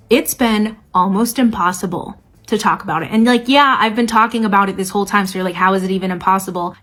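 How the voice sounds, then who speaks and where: Woman, TikTok creator, heated and emphatic, faint music behind, mid-pitched voice. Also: fairly bright tone. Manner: angry, emphatic, swearing. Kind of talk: heated political rant to camera.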